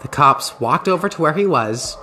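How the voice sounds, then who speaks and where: A man's voice: a little high, expressive, moderate pace, pushed and bright, a little hiss or hum. A man hosting a podcast, telling a story in casual, profane, rambling chat. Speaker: podcast host.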